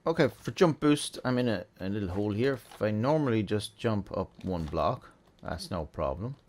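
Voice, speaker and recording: A man hosting a relaxed, chatty game tutorial, thinking aloud as he plays. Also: on the low side, moderate pace. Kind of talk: casual gameplay tutorial.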